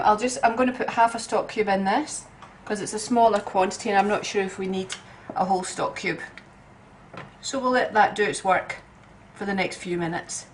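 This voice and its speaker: A woman giving a relaxed, homely cooking demonstration in her kitchen, chatting along with frequent ums. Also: mid-range voice, slight background noise. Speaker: home cook. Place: home kitchen. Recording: roomy kitchen sound from a distant mic.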